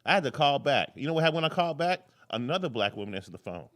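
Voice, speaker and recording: A man's voice: on the high side, sing-song, rapid-fire, a bit bright. A man hosting a live political commentary show, talking casually, rambling off on tangents and cursing freely. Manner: rambling, jumps between tangents, curses freely.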